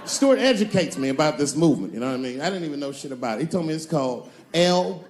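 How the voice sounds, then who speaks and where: A man doing stand-up comedy, swaggering and swinging between loud and soft for his punchlines. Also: fairly high pitch, expressive, fast talker, a little hiss or hum.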